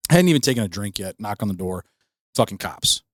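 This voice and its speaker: A man's voice: fairly low pitch, big pitch swings, fast, no echo, clean studio sound. A young man co-hosting a podcast, telling a profane, rambling story full of fillers into a podcast mic. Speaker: podcast co-host. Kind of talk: casual storytelling.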